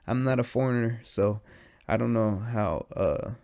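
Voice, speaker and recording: A young man with a gravelly, creaky voice at an ordinary pitch, hosting his podcast alone. He is high and sleepy and rambles from thought to thought in loose, profane slang. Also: unhurried, a little mellow. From United States. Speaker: podcast host. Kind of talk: casual stoned monologue.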